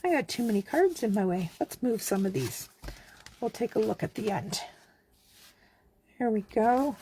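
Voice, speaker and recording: A woman from Canada giving a relaxed, chatty card-making tutorial, talking as she works. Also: on the high side, moderate pace, slight background noise. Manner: chatty, relaxed, talks while working. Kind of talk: casual craft tutorial.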